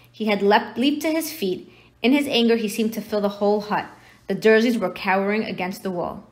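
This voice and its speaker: A woman reading a novel aloud, narrating the story in a steady storytelling manner. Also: mid-range voice, moderate pace. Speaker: reader.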